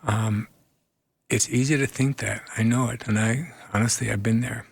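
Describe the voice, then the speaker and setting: A man speaking as a guest therapist in a radio interview, earnest and animated, laughing often as he tells stories. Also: mid-range voice, moderate pace, vocal fry, husky.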